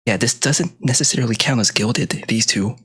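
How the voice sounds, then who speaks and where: Hushed excitable gamer guy. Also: mid-range voice, normal speed, breathy edge. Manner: excitable, swears often, bursts into gasps and whispers; talks quietly and softly late at night. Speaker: gaming video creator. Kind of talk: casual gameplay commentary.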